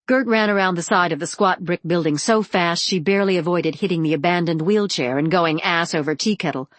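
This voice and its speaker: A woman reads an audiobook in a steady, expressive way. Her voice sits fairly low. The sound is close and dry. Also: a little fast, hardly any pauses, no echo. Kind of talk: audiobook narration.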